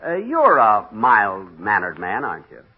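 In a lowish, slightly rough voice with wildly swooping pitch, the star of a 1940s radio comedy performs a full character voice at a measured pace. Exasperated, he argues with himself in a bickering way. The recording is a lo-fi old radio broadcast.

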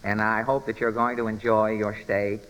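A man's voice: fairly low pitch, little pitch movement, normal speed, a bit bright, highs cut off. A man hosting a 1930s radio amateur contest, bantering and teasing the contestants in a large theater hall. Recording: old radio broadcast in a reverberant hall.

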